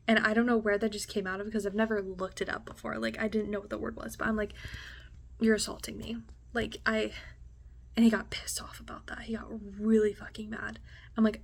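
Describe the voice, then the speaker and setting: A woman's voice: mid-range voice, little pitch movement, moderate pace, gravelly. Young woman telling a raw personal story. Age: young adult. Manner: candid and emotional, heavy on "like" and swearing; drops to a hushed near-whisper at intense moments. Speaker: vlogger.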